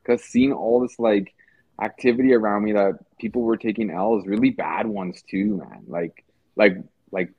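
This South African podcast guest has a lowish, slightly rough voice with vocal fry, speaking at normal speed in a dry recording. His talk is a loose, slangy casual conversation full of restarts and fillers, heard over thin, phone-like call audio.

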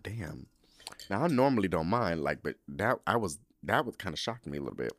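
A man's voice: sits low, sing-song, brisk. A man hosting a podcast, recapping a show in casual, sassy, profane chat full of slang while sipping a drink. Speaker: podcast host.

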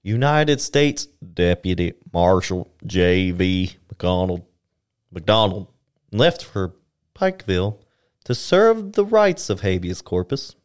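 A man's voice: sits low, big pitch swings, takes it slowly, clean tone. A man co-hosting a casual podcast, reading old historical documents aloud with small stumbles and chuckles. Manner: reads archival text aloud with stumbles and laughs.

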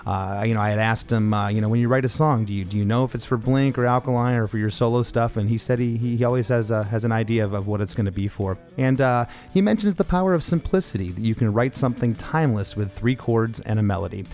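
A man's voice: medium pitch, fast talker, hardly any pauses. A man hosting a music podcast, introducing his guest in a loose, rambling way full of fillers. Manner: loose, many "uh" fillers, warm praise. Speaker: podcast host. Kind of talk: casual spoken intro.

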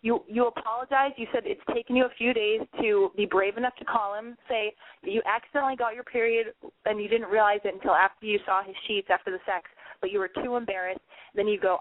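A woman hosting a call-in advice podcast, blunt and excitable, swearing freely as she talks callers through their problems. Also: medium pitch, fast talker, no room sound. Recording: phone-like narrow sound, dry.

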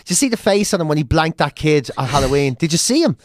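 A man's voice: fairly high pitch, sing-song, fast talker, dry recording, studio quality. A middle-aged Irish man chatting casually as a co-host, swearing freely and telling stories with laughs. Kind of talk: casual chat.

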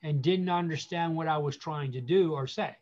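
A man speaking as a guest pastor, giving earnest counsel with emphatic repetition, slowing down to stress key phrases. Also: a little high, a little mellow, lo-fi sound.

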